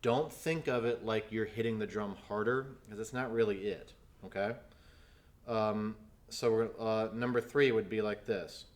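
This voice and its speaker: A man's voice: lowish voice, fairly even intonation, a little slow. A man teaching snare drum in a video lesson, explaining technique patiently and counting aloud as he demonstrates.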